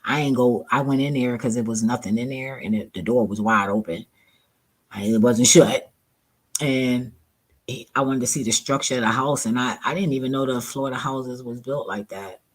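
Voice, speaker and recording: A relaxed man telling a casual storytime, loose and profane, laughing often as he talks. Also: medium pitch, normal speed, low-quality recording. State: relaxed and laid back. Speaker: vlogger.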